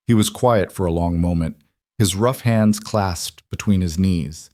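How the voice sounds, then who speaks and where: A man narrating a scripted western story in a calm, measured way. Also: low-pitched, dry recording, studio quality.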